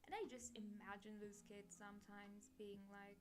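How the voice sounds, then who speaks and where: Slow-talking young woman, rambling chat. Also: medium pitch, flat delivery. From Eastern Europe. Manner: rambling, self-correcting, laughs often. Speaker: art streamer. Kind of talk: casual chat while drawing.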